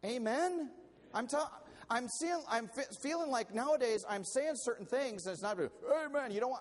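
A male pastor preaching a sermon in an animated, conversational way, often restarting his sentences. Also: high-pitched.

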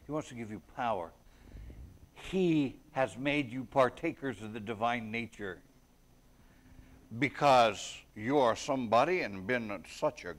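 Male preacher, unhurried sermon delivery, conversational and earnest with sudden emphatic bursts, mid-pitched voice. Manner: reads scripture aloud in King James wording.

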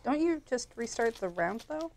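A woman's voice: fairly high pitch, sing-song, normal speed, darkish tone. A woman playing a board game on a show, chatting in an easygoing way. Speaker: player. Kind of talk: casual board game chat.

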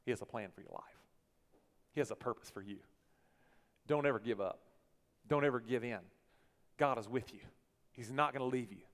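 A pastor preaching a sermon, swinging from hushed lines to loud bursts. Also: male voice, medium pitch, a little fast, pauses often. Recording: long church hall reverb.

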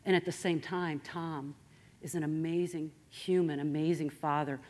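Straight-talking woman doing a motivational talk, lowish voice, animated. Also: normal speed. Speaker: speaker.

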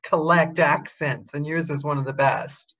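A woman hosting a casual interview, chatty and enthusiastic, filling pauses with um. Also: low voice, a bit bright, muffled recording. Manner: chatty, enthusiastic, quick to laugh, fills with um. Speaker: host.

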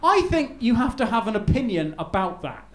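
A man performs stand-up at a live comedy venue in a high, sing-song voice at a moderate pace, telling a rambling story with stammers and restarts. The room sounds echoey and noisy.

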